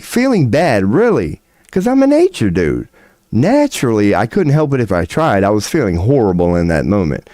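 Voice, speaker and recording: Male streamer, low voice, slangy and profane, dry close sound. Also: dry recording. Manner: animated, rambling, profane storytelling with slang. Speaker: livestream host. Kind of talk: casual livestream storytelling.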